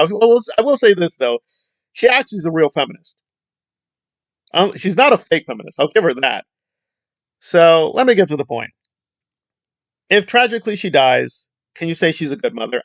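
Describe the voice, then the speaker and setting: A man delivering heated commentary with a sarcastic, rambling edge. His slightly high voice swings widely up and down as he works himself up. The sound is dry and close, with no room around it. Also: no echo. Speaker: online film commentator. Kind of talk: ranting commentary.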